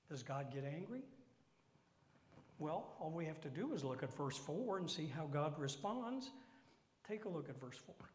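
A man preaching a sermon, with dramatic drops into whispered asides and slow emphatic phrasing. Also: on the high side, very animated. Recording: echoey hall.

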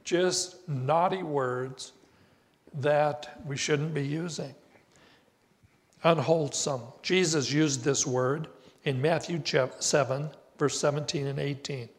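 An older man preaching a sermon as pastor, slow and deliberate with emphatic rises on key words. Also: a little high, steady tone. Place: church sanctuary. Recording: reverberant church hall.

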